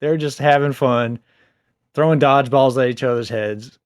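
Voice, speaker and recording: A young adult man casually reviewing a book, rambling with lots of fillers, a little low on sleep. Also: moderate pace, smooth, dry recording, clean studio sound. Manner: rambling, filler-heavy, animated asides.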